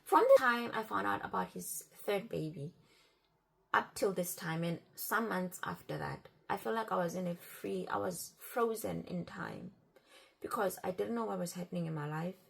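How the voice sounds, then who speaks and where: A woman tells a story to her vlog audience in an animated, exasperated way. Her voice is husky and a little low, with a gravelly fry running through it. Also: normal speed. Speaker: vlogger.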